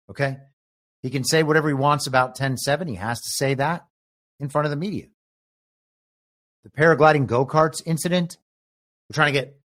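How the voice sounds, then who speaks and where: A man's voice: medium pitch, a bit bright. A man hosting a podcast, giving political commentary in a musing, speculative way, stretching out key words for emphasis. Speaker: podcast host and moderator.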